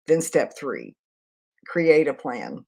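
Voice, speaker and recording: A woman's voice: a bass voice, huge pitch swings, takes it slowly, gravelly, a little mellow, breathy edge. A middle-aged woman and leadership coach giving a live teaching talk, earnest, practical and conversational.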